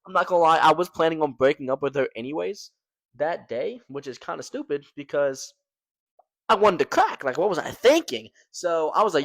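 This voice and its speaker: Young male storytelling vlogger, animated slangy delivery, dry close sound. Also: fairly high pitch, a little fast, dry recording. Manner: slangy, animated, fillers like "man" and "right?". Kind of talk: casual storytelling to camera.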